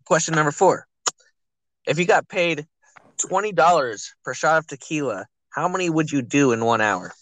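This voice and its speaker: A man's voice: a little high, lively intonation, moderate pace, fairly bright tone, no echo, poor audio. A young man co-hosting a podcast, chatting casually with lots of swearing, laughter and "dude". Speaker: podcast co-host.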